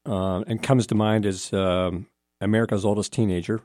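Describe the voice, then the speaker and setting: Low voiced interviewer guy, bouncy pitch, lots of uhs, dry sound. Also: fairly even intonation, moderate pace, darkish tone, no room sound. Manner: asks questions with fillers, short reactions. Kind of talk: casual interview.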